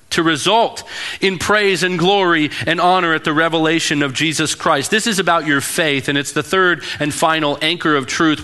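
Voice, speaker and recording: A man in his thirties preaches with a bright, forceful voice that sits a little high for a man. He tells personal stories earnestly and sinks into a hushed, intimate tone to drive a point home. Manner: earnest storytelling, dropping to a hushed tone for emphasis. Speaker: pastor. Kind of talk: sermon.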